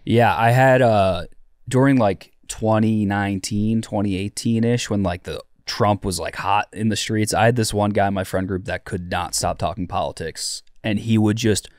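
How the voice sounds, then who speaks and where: A man's voice: lowish voice, fairly even intonation, moderate pace, no room sound, clean studio sound. A man guesting on a podcast, telling rambling stories with swearing and lots of fillers. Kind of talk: casual storytelling banter.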